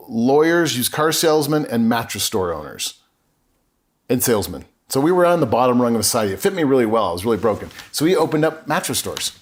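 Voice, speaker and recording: A man's voice: mid-range voice, sing-song, fairly quick. A middle-aged man, a podcast guest, telling his personal story in an earnest, openly emotional way with frequent restarts.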